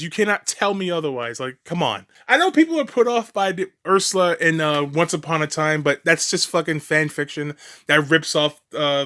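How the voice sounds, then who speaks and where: A man with a notably high voice delivers a ranting reaction commentary. He is profane, sarcastic and mocking, and he rambles with restarts and short laughs. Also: sharp tone.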